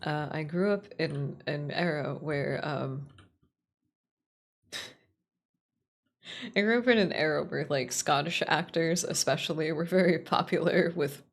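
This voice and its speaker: A woman with a fairly low voice streams a game and chats casually. She swears freely, rambles through asides and laughs easily. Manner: profane, rambling, quick to laugh. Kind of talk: casual let's-play chatter.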